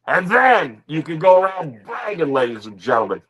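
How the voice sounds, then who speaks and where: A man's voice: on the high side, sing-song, normal speed, breathy edge, low-quality recording. A man hosting a reaction stream, mocking people in a rant and repeating the same catchphrase over and over. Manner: mocking rant, keeps repeating "ladies and gentlemen". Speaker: streamer host.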